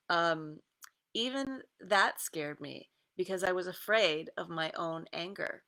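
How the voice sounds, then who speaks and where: A woman coach giving a casual guided meditation talk, easygoing, with many pauses and fillers and some reading aloud. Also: on the low side, sharp tone. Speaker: creative success coach.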